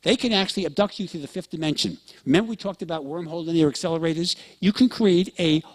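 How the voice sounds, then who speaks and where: A man's voice: a little high, quick pace, a little mellow. Man lecturing in a storytelling manner. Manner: storytelling, acts out quoted dialogue; addresses listeners with frequent check-ins. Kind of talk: lecture to an audience.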